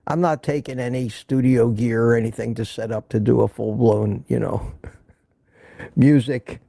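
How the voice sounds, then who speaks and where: Gravelly older man chatting on a live stream. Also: medium pitch, dark tone, dry recording, clean studio sound. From United States. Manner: chatty, greets viewers by name, frequent restarts. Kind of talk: casual live stream chat. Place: indoors at home.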